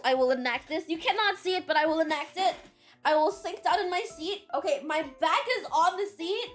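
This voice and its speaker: A high, bright young woman chats casually on a home stream, reading out chat and swearing freely between stories. She breaks into squealing laughs, and faint music plays underneath.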